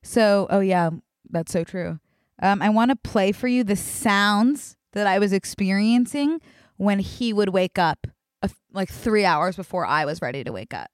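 A chatty young woman co-hosting a podcast, talking casually about her break. Her voice sits at a middle pitch with a dry, close sound. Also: animated, moderate pace, clear, resonant tone, no echo. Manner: chatty, casual, laughs easily. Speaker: podcast co-host. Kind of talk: casual chat.

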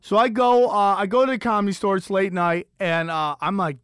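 A middle-aged man hosting a comedy podcast, telling a story in an animated, incredulous, profane rant that swings between high and low pitch. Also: a little fast, hardly any pauses, smooth, no room sound, studio quality. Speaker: podcast host.

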